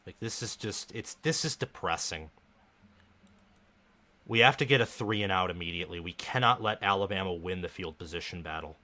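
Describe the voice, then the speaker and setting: Male live stream host with a bright, forceful voice, commenting on a game as a gloomy, frustrated fan. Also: low-pitched, moderate pace. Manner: frustrated, dejected fan talk.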